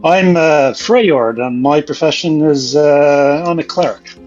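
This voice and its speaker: A man's voice: fairly high pitch, slow, darkish tone, lo-fi sound, soft background music. A man voicing a streetwise male cleric with a New York accent, wisecracking and tough-talking.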